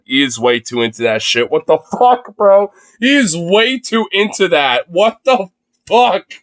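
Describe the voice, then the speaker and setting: A young man live-streaming his reaction to a video, talking casually with incredulous exclamations and lots of swearing. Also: fairly high pitch.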